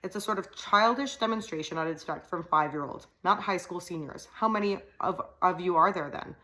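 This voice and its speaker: A stern, icy schoolteacher speaks in short, clipped phrases, as a woman reads him aloud. The voice sits a little low, and the words come out curt and controlled. It sounds like an audiobook reading. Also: a little fast, sharp tone, rough recording. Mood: cold, curt. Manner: clipped, cold delivery. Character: stern cold male teacher, clipped and curt.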